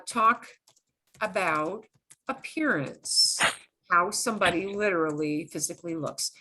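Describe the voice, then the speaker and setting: A middle-aged woman talks a class through Spanish grammar at an unhurried, patient pace. Her voice is bright and clear, and she explains things step by step in a chatty way, full of small asides. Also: mid-range voice, a little hiss or hum. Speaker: Spanish teacher.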